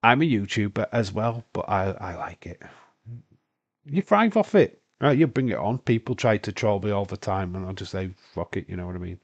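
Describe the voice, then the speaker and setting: Young Scottish streamer, lowish pitch, congested, rambling and sweary, casual chatter. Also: male voice, expressive, normal speed, lo-fi sound. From Britain. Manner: rambling, sweary, laughs often. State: congested from hay fever. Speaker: live-stream host. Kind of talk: casual live-stream watch-along chat.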